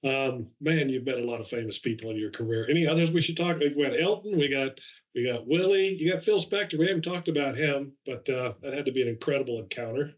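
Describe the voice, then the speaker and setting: A man's voice: medium pitch, quick pace, lo-fi sound. A man hosting a podcast, asking questions and reacting with short, encouraging remarks. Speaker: podcast host. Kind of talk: interviewer, casual chat.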